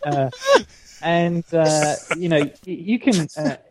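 A man's voice: on the high side, takes it slowly, over a noisy crowd, poor audio. A man, a therapist, telling a case story in an interview, with many restarts and filler words. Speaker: therapist, podcast guest.

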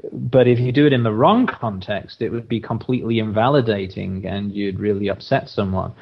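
A man's voice: fairly low pitch, brisk, vocal fry, husky, dull audio. Hesitant male therapist telling a story. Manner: hesitant, many restarts and fillers. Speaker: therapist, podcast guest. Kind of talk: conversational interview storytelling.

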